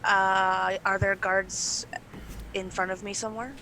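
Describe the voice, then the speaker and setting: A woman's voice: mid-range voice, little pitch movement, unhurried, bright, forceful tone, a little hiss or hum. A woman playing in a tabletop game, talking in a hesitant, earnest way. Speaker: player. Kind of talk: casual game play.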